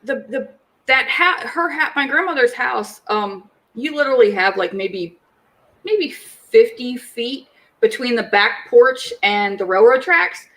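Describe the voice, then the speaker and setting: A woman in her forties, a podcast co-host, telling a family story in casual chat, animated and swearing freely. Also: fairly high pitch, a little slow, rough recording.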